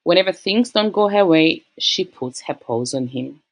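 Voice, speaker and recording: Lady chatting thru a story, lowish voice, does little voices for the quotes. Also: moderate pace. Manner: acts out quoted voices with lively shifts. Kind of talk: casual storytelling.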